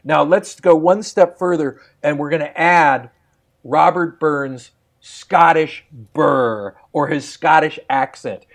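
A man guiding listeners through a poem line by line over a remote call, laughing easily as he talks. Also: a little high. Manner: slow rhythmic line-by-line recitation, laughs easily. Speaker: poet demonstrating poetry sessions. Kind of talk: warm guided demonstration.

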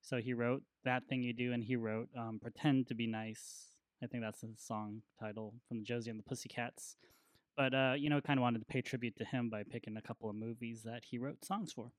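A man's voice: medium pitch, no echo. Male guest talking casually on a podcast, mid voice, dry close sound. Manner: relaxed, halting with fillers as he explains.

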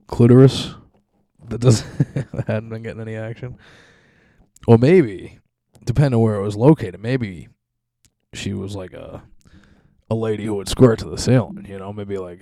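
A young man talks through a loose, profane podcast monologue in a fairly low, mellow voice. He rambles from one crude story to the next and keeps chuckling at his own jokes. The sound is dry and close, with no room around it. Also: dry recording. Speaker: podcast host.

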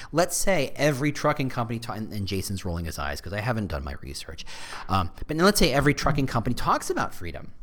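A man talks through his ideas in a casual, animated way, his pitch jumping up and down as he makes each point. He sounds like a podcast host thinking out loud, mid-range in pitch, with quick asides. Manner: animated, conversational marketing explainer. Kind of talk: casual explanatory chat.

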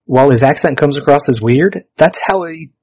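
A man's voice: fairly high pitch, a little fast, darkish tone, breathy edge, no room sound, poor audio. A man hosting a podcast in casual chat, wryly reading out his notes. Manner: wry, reads out screening notes. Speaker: podcast host.

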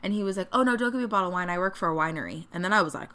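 Casting: young woman, podcast co-host, bright clear tone, chatty storyteller voicing quotes. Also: medium pitch, rapid-fire. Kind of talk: casual chat. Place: Northern California.

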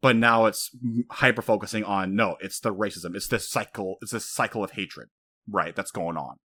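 A man's voice: lowish voice, normal speed, no echo. A man casually recapping an anime plot, telling it animatedly with many fillers. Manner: animated storytelling, frequent fillers.

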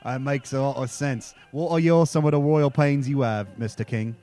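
A man's voice: medium pitch, normal speed, dark tone, soft background music, lightly acted. A man voicing a crude, boastful British pub bloke in a put-on British accent, stumbling and repeating words. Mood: blustering. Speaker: podcast co-host.

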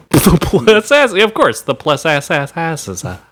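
Laughy podcast guy, kinda high voice, slow easy talk, loads of ups and downs. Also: faint music behind. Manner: laughs often, animated riffing. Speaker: podcast co-host. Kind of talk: casual chat.

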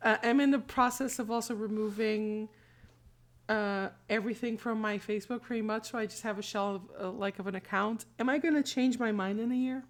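A woman's voice: on the high side, fairly even intonation, a little fast. A woman co-hosting a casual chat, rambling with many fillers. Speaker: podcast co-host.

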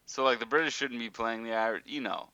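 Bright, crisp-voiced man chatting casually. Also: mid-range voice, fast, no echo, highs cut off. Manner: animated, rambling with many fillers. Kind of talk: casual chat about a TV show.

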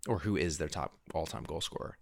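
A man hosting a podcast in a relaxed, rambling chat, quizzing his co-host. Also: extremely low pitch, fairly quick, no echo.

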